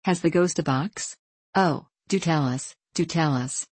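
A group of excited young ballet girls pleads eagerly for a ghost story, as a woman reads them aloud. Their questions come in a low voice over a dry, close recording. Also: a little slow, husky, no echo. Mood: eager, curious.

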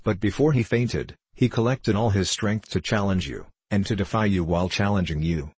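A man's voice: fairly low pitch, moderate pace, darkish tone, slightly rough, no room sound. A man reading as a fawning innkeeper. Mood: deferential. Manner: deferential, humble. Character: fearful fawning middle-aged innkeeper. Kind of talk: audiobook character reading.

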